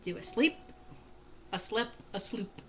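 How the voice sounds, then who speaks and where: A woman's voice: mid-range voice, measured pace, a bit bright, a little hiss or hum, low-quality recording. A woman streaming a video game, chatting casually and muttering along as she narrates her own moves. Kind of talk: casual let's-play commentary.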